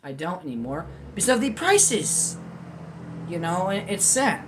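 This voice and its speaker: Over a noisy background, a man with a high, sing-song voice reviews food at home at a slightly slow pace. He speaks freely and unscripted, drifting between topics with candid, self-deprecating, goofy remarks.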